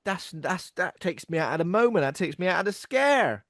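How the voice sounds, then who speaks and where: A man co-hosts a podcast in relaxed banter. He has a rather high, very lively voice that swoops as he teases, and it is recorded close and dry. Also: dry recording. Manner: jokey, quick to quote and tease. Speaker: podcast co-host. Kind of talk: casual chat.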